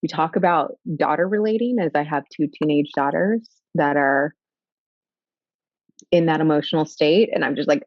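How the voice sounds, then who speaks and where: A woman in her forties, a therapist, explaining in a thoughtful, animated conversational way with small laughs. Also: low-pitched, normal speed, no echo. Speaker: therapist guest. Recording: slightly dull lo-fi audio.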